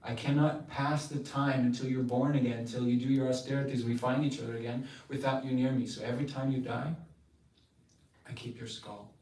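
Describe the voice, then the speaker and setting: A man's voice: mid-range voice, steady tone, a little fast, lightly acted. A man voicing a tender, devoted male god who pleads earnestly with his wife, in a roomy space picked up from a distance. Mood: pleading. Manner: earnest, pleading, soft-spoken. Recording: roomy, distant mic, faint noise.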